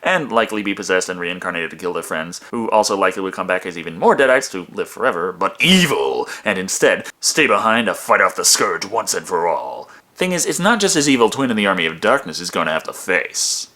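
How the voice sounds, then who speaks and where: A man narrating a comedic movie review in a sarcastic, profane, animated way. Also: deep voice, fairly quick, hardly any pauses.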